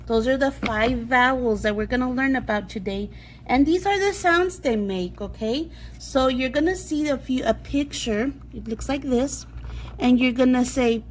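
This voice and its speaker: A woman teaching a phonics lesson to young children, saying each sound and word slowly and clearly, repeating each one three times. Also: high-pitched, a little hiss or hum. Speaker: second grade teacher.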